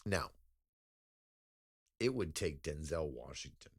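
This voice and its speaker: A man's voice: lowish voice, expressive, moderate pace. A man co-hosting a podcast in casual chat, rambling and profane, laughing often. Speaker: podcast co-host.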